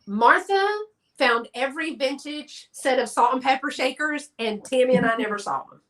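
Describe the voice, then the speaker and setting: A woman from Texas with a Southern accent joins a live stream as a guest collector, chatting casually and laughing often. Her high-pitched voice is fairly bright and moves at a normal speed.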